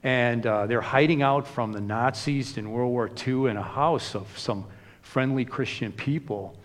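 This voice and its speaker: A man's voice: medium pitch, measured pace. Conversational male preacher in a hall. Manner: conversational, frequent "you know" asides. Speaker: pastor. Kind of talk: sermon.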